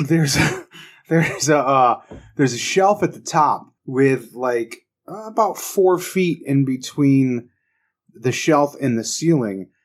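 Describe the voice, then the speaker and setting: A man's voice: medium pitch, expressive, slow. A man co-hosting a podcast, talking in an easygoing, rambling way. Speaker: podcast co-host. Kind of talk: casual chat.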